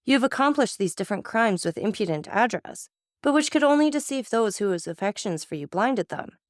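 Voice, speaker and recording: A woman's voice: mid-range voice, lively intonation, brisk, dry recording, studio quality, pitched above the performer's own voice, lightly acted. A woman voicing a stern, cold-blooded male magistrate who speaks with contempt and accusation. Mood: accusing.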